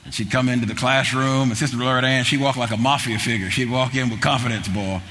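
A middle-aged man preaching a sermon, building into fervent shouting with repeated phrases. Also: medium pitch, fairly even intonation, fast talker. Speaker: pastor. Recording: long hall reverb with faint noise.

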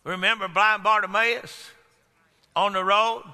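A man preaches in a high, very bright voice, taking his time and pausing between phrases. He builds to shouts and asks the congregation questions. His voice rings with the long reverb of a large hall. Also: fairly even intonation. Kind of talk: sermon.

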